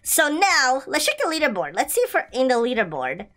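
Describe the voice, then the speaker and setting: A young woman casually narrating her own gameplay as a gaming channel host, excitable and chatty with frequent laughs. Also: high-pitched, a little fast, soft background music.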